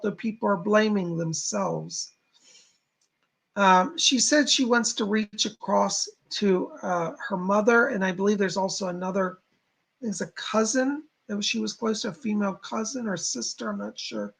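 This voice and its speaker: A psychic medium gives live readings in a heavily gravelly voice. His tone is husky and rough. He speaks to viewers in a halting, reassuring way. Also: sits high, fairly bright tone.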